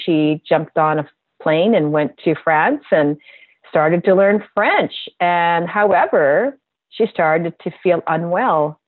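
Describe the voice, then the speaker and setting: A woman health practitioner telling a heartfelt story about a patient in a gentle, earnest way. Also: on the low side, dry recording. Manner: slow, gentle and earnest, emotional at times. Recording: tinny phone-like line, dry.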